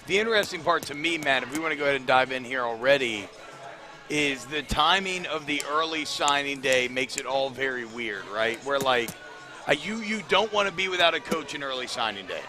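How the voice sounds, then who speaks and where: A man's voice: medium pitch, expressive, brisk, bright, forceful tone, soft background music. A man co-hosting a postgame sports radio show, breaking down plays with exasperation and occasional cursing. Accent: Louisiana. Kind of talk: animated postgame talk radio analysis. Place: cigar bar.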